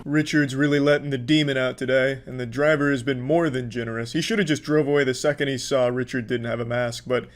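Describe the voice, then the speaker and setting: A man's voice: mid-range voice, steady tone, fast talker, hardly any pauses. A man giving sarcastic, profane commentary while reacting to clips. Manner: profane, mocking.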